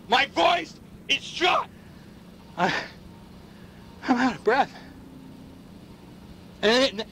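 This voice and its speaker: Game role: a middle-aged paranoid pundit, fiery rant, bright, wildly swooping pitch, hushed whispers to shouts. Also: male voice, a little hiss or hum, heavily acted. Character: paranoid male pundit ranting against machines. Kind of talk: video game dialogue.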